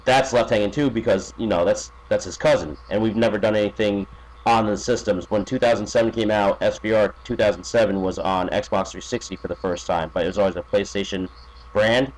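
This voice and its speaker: A man's voice: on the low side, steady tone, fairly quick, darkish tone, rough recording. A man chatting as a podcast guest, rambling with many fillers, restarts and profanity. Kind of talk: casual podcast chat.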